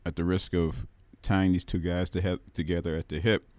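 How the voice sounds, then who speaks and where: A man speaking as a guest on a radio music show, relaxed, with frequent fillers. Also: low voice, fairly quick, no echo. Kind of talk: casual radio conversation. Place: radio studio.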